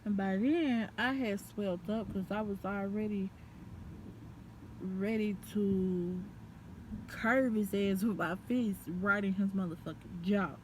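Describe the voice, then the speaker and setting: A woman's voice: medium pitch, steady tone, slow pace, slight background noise. A young woman telling a story in a casual, profane way, laughing as she goes.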